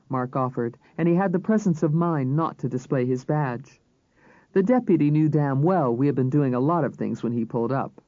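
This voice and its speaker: A man reading a crime novel aloud as narrator, in a measured, even storytelling manner. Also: medium pitch, no room sound. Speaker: audiobook narrator. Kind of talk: scripted narration. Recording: slightly dull audiobook recording.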